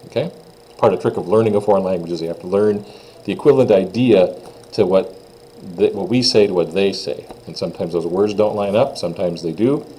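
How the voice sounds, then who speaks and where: A man's voice: low voice, brisk, mellow, a little hiss or hum, low-quality recording. A man from Minnesota teaching a beginner French lesson, patiently explaining phrases and modeling pronunciation. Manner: patient, plain-spoken, models pronunciations in a raised voice. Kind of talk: recorded classroom lesson.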